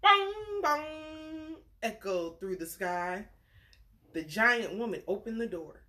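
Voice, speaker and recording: A woman's voice: on the low side, measured pace, pushed and bright. A woman reading a bedtime story aloud, chatting playfully with young listeners between the lines. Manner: playful character voices for the story's figures.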